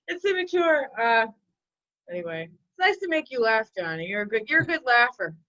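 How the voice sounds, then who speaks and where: A woman in her forties, a comedian rambling through self-mocking stand-up bits with a deadpan delivery. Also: a little high, a little slow, dry recording, highs cut off. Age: 40s.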